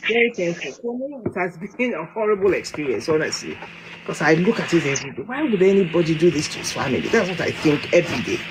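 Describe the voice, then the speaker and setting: Woman host, emotional and indignant, very lively pitch, noisy recording. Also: fast. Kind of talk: casual chat. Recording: noisy background.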